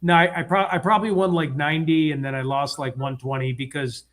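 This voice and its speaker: A man's voice: a little high, fairly even intonation, a little fast, a bit bright. A man from Chicago co-hosting a livestream, chatty and rambling, often correcting himself mid-sentence. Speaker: livestream co-host. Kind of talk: casual chat.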